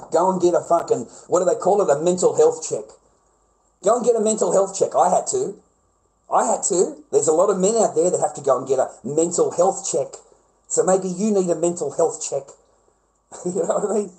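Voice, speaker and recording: An Australian man vents in a raw, profanity-laced monologue, his voice sitting a touch high for a man. He keeps breaking into loud, shrill peaks of indignation before dropping back to a grumble. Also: expressive, fairly quick, poor audio. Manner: angry, profane, swings into loud high-pitched outbursts. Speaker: vlogger.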